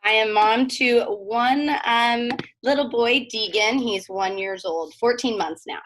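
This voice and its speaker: A woman speaking on a video call from a small office, friendly and quick to laugh. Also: a little high, a bit bright. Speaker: real estate panelist. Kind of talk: casual video call chat.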